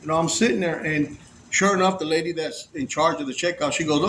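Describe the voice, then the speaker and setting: A man casually telling a story, animated and profane, acting out the voices of the people in it. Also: on the high side, a little fast, a little hiss or hum. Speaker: storyteller recounting prison release.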